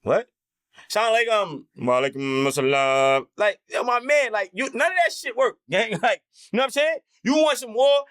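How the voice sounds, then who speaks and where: A man's voice: extremely high pitch, animated, normal speed, a bit bright. A man talking as an interview guest in a heated, candid conversation, impassioned and profane, acting out the voices he quotes.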